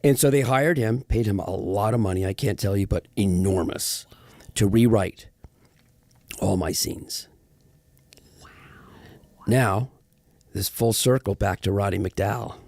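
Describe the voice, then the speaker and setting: Speaking a little slowly with vocal fry and frequent pauses, this middle-aged man has a fairly low voice on a dry recording. He's an actor guesting on a casual interview, animatedly telling stories and playing out the people he quotes.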